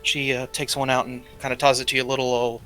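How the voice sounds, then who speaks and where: Man game master, bright forceful voice, brisk descriptive narration. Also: mid-range voice, little pitch movement, soft background music.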